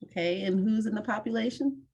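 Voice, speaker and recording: Woman, online mentoring host, clear instructive manner, video call audio. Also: medium pitch, fairly quick, darkish tone.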